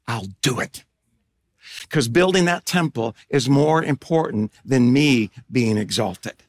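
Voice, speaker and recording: Middle-aged guy preaching, pretty high voice, gets loud then drops way quiet, very animated. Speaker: pastor. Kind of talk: sermon.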